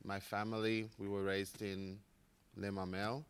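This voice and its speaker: A man's voice: on the low side, little pitch movement, moderate pace, smooth. A man in his forties from the Seychelles with an American accent, a coach chatting easily as a guest and laughing often. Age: 40s. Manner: easygoing, laughs often, talks in short pieces. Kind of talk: casual chat interview.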